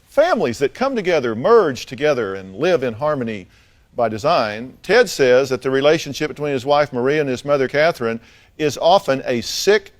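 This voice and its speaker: Blunt probing male talk show host. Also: mid-range voice. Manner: blunt, probing questions with dry humor. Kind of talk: confrontational talk show questioning.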